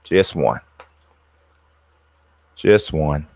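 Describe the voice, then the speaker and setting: A man's voice: extremely low pitch, expressive, extremely slow, gravelly, darkish tone, no echo. A man streaming gameplay, muttering and trash-talking his players as he plays. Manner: trash-talks the game, mutters to himself. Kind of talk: live gameplay commentary.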